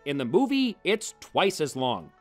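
Sarcastic male reviewer, fairly high voice that leaps around, scripted comedy commentary. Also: big pitch swings, a little slow, a little mellow, soft background music. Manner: sarcastic, exasperated. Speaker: film reviewer.

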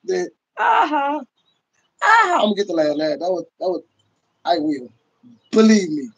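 A man's voice: fairly high pitch, fairly quick, husky, low-quality recording. Boisterous, profane man ranting on a livestream. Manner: profane, boisterous, laughing often. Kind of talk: casual livestream rant.

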